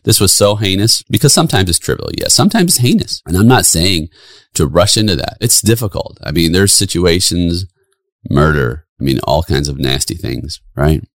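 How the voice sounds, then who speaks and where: A man's voice: sits low, very animated, moderate pace, no echo, clean studio sound. A middle-aged man hosting a solo podcast, speaking with earnest, preacherly emphasis. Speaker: podcast host.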